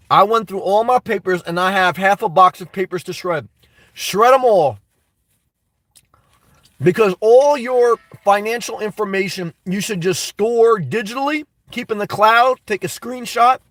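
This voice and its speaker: A man's voice: high voice, normal speed, fairly bright tone, dry recording, distant mic. A man hosting a casual live stream, answering viewer comments in an emphatic way that repeats his points and breaks into laughter between remarks. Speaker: YouTube host answering live chat.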